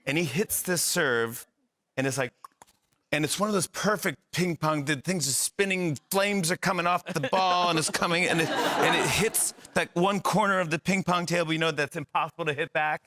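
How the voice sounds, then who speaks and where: A man's voice: on the high side, moderate pace, a little hiss or hum. A middle-aged man telling a comic anecdote as a talk show guest, acting out the voices of the people in it. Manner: animated storyteller acting out the other voices.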